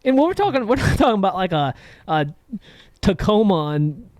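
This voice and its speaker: Man, young adult, podcast co-host, casual chat, jokey, laughs a lot, high and lively pitch. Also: a little fast, no echo. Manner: laughs often, chatty and joking.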